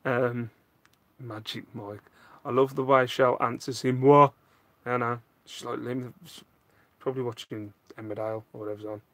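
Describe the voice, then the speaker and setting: In a relaxed chat from his home loft, a man hosting a live stream reads out viewer comments and answers the questions with self-mocking jokes. He has a mid-range, fairly bright voice, keeps a steady tone at a moderate pace, and there's no room sound.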